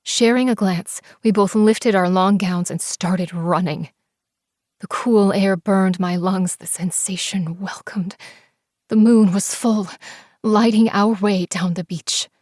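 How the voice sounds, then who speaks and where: Expressive woman narrating a dark romance audiobook. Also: mid-range voice, slow pace, no echo, clean studio sound. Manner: expressive, breathless in tense scenes, shifts into soft whispers.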